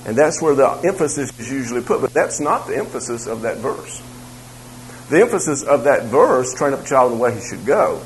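A man's voice: mid-range voice, sing-song, fairly quick, slight background noise, low-quality recording. A man teaching a church Bible class about raising children. He talks conversationally, repeats his phrases and makes asides to the room.

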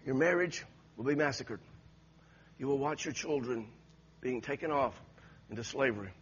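A man's voice: medium pitch, normal speed, muffled recording, slight background noise. A male preacher giving an impassioned sermon with repeated exhortations to the congregation.

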